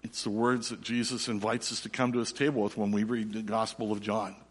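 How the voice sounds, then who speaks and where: A middle-aged man, preaching a sermon and telling a lively personal story before turning quiet and slow. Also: on the low side, husky. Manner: animated storyteller, drops to soft and slow for reflection. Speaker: pastor. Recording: long reverb of a large hall.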